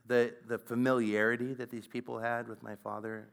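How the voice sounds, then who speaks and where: A man in his forties giving a talk at a conference, telling a personal story in a conversational, halting way with frequent fillers. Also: medium pitch, level tone, vocal fry. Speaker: conference speaker.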